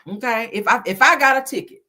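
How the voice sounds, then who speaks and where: A woman's voice: on the high side, fast talker, bright, forceful tone. A woman hosting a casual chat, reading live comments in a sassy, dramatic way and swearing often. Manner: sassy, dramatic, swears a lot, calls viewers baby and child. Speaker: host.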